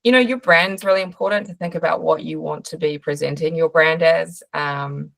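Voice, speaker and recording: Nz woman coaching artists on a video call, low voice, lots of ums, very dry sound. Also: normal speed, creaky, a bit bright, no room sound. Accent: New Zealand. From New Zealand. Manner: chatty, frequent fillers and restarts. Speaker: art business coach. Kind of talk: live online training Q&A.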